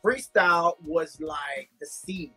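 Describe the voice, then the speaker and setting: A man's voice: fairly high pitch, slow, pushed and bright, husky, faint music behind. A man hosting a casual livestream interview over a phone, repeating words as he starts his questions.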